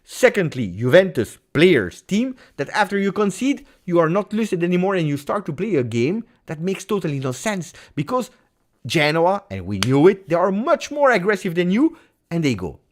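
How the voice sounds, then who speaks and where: A man's voice: high-pitched, very animated, normal speed. A man hosting a live post-match football reaction stream, talking in a heated, emphatic way and repeating phrases for stress. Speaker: football channel host.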